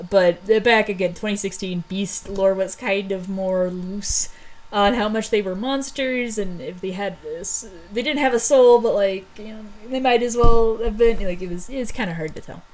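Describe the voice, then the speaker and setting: A woman's voice: medium pitch, darkish tone, poor audio. Rambling casual woman storyteller. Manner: rambling with many fillers and quick laughs. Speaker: storyteller recapping old stories. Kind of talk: casual chat.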